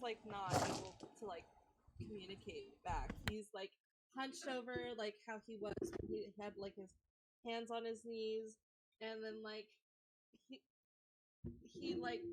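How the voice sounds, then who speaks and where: A woman's voice: mid-range voice, slight background noise, rough recording. A woman player casually describing her character's actions, rambling with constant "like"s. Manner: rambling, packed with "like". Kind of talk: casual game narration.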